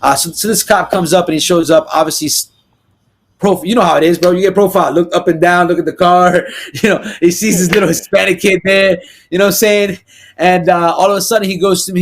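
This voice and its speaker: Podcast guest: young New man, slightly raised pitch, rambling and animated, peppers talk with asides. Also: a little hiss or hum. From New Jersey, US. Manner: animated, talks in quick bursts with many "you know" and "right?" asides. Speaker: podcast guest, real estate agent. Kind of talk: casual interview storytelling.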